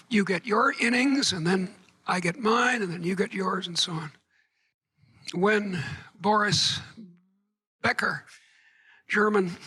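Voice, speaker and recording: A woman's voice: mid-range voice, pushed and bright, breathy edge, poor audio. A woman giving a conference keynote lecture to a live audience, wry and digressive, with joking asides. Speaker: keynote speaker.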